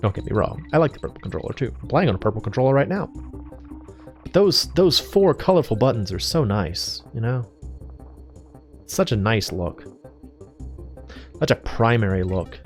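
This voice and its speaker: A man's voice: medium pitch, lively intonation, moderate pace, pauses often. A man casually commenting on a video game as he plays, rambling, joking and self-deprecating. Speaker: let's play host. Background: faint game music.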